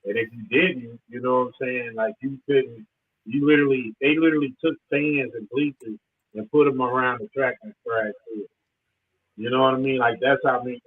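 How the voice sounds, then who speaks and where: A man's voice: mid-range voice, husky. A man, a former player, telling rambling stories from the past in an easygoing, casual way. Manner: laid-back, rambling reminiscence. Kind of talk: casual storytelling. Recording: tinny phone line with faint noise.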